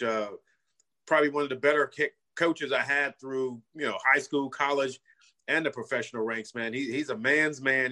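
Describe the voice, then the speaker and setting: Bright-voiced middle-aged man telling stories. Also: medium pitch. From California. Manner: earnest, frequent "you know" and "man" fillers. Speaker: guest, former pro football player. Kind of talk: casual storytelling interview.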